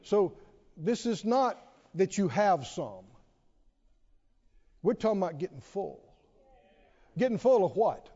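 A man's voice: sits high, sing-song, slow, long pauses, warm tone, breathy edge. A male pastor preaching a sermon to his congregation, telling a humorous story with animation and calling for responses. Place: church sanctuary with congregation. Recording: dull reverberant church recording.

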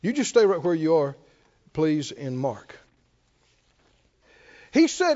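A man's voice: on the high side, slow, long pauses, dull audio. A man preaching a sermon, asking the congregation questions and chuckling often. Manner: animated call-and-response preaching, chuckling often. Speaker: pastor.

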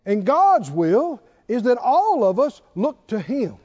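A man's voice: very high voice, very animated, slow, darkish tone, highs cut off. A man preaching a sermon, emphatic and driving his points home with repeated rhetorical questions.

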